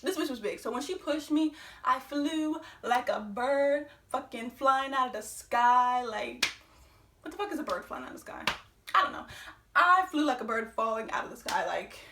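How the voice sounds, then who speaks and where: A young woman with a high, bright-sounding voice tells a storytime vlog tale in an excitable, profane rush. She speeds up whenever she gets worked up. Her voice sits back from the mic, and the room gives it a roomy echo. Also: recorded from a distance, slight background noise. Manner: excitable, talks fast when worked up, heavy swearing. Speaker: vlogger telling a story.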